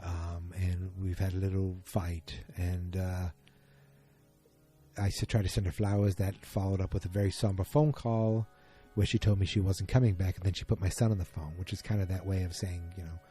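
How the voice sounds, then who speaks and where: A man's voice: deep voice, little pitch movement, moderate pace, mellow, slightly rough, faint music behind. A man hosting a casual solo podcast, recapping an episode in a rambling, self-correcting way. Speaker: podcast host.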